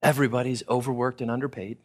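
A man from Texas, preaching a sermon and acting out people's thoughts in a casual, animated way. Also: medium pitch, fast. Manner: animated, acts out listeners' thoughts in casual paraphrase. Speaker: pastor.

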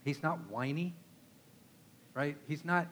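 A man's voice: a little high, slow pace, fairly bright tone, slight background noise. A man with a Texan accent preaching a conversational sermon, emphatic and often asking his listeners rhetorical questions. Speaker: pastor.

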